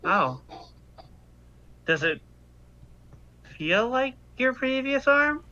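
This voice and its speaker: Man, tabletop player, stammering, very slow, sharp tense tone, muffled lo-fi voice chat. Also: very high-pitched, very animated. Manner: hesitant, stammering. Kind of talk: in-character tabletop play.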